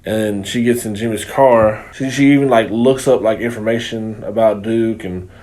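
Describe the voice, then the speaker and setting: A man's voice: lowish voice, fairly even intonation, normal speed, a little mellow. A man co-hosting a movie review, chatting casually and swearing a lot, with many "like" fillers as he retells the plot. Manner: rambling, profane, lots of filler "like". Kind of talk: casual chat.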